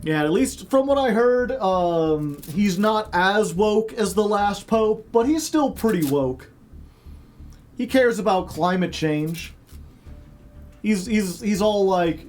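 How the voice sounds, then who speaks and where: A man's voice: high-pitched, animated, slow pace, a little mellow. A man who grew up in Chicago, chatting casually with stream viewers in a rambling way full of fillers and joking asides.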